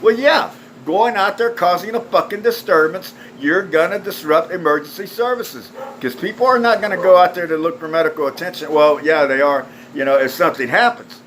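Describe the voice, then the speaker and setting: A man's voice: high-pitched, brisk, a bit bright, a little hiss or hum, low-quality recording. A man delivering a blunt, foul-mouthed, scornful rant straight to camera. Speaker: video ranter. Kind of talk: angry profane rant.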